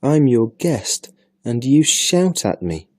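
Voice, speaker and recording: A man's voice: mid-range voice, big pitch swings, slow pace, no echo, clean studio sound, voice pushed up. A man voicing a timid, curious little girl who asks pleading questions in a raised voice, reading a storybook aloud. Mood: plaintive.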